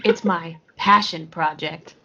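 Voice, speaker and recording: Man putting on a sly, drawling plant tinkerer, raised pitch, murky lo-fi sound. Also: steady tone, slow, bright, forceful tone, a little hiss or hum, full character voice. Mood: cryptic. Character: eccentric plant-growing tavern regular, cryptic.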